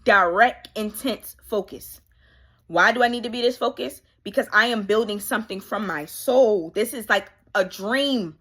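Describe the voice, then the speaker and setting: Woman life coach with a sharp, bright voice and a candid, faith-driven coaching delivery. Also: medium pitch. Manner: casual, emphatic, repeats key phrases for effect. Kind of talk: candid motivational monologue.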